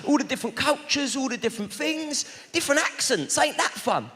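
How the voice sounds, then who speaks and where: A man's voice: very high-pitched, expressive, a little fast. A man doing stand-up, bantering brashly with the audience in a large theatre. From London. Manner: brash, mock-welcoming banter with the crowd. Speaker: stand-up comedian. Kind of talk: stand-up crowd work. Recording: big echoey hall with loud crowd. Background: audience laughter.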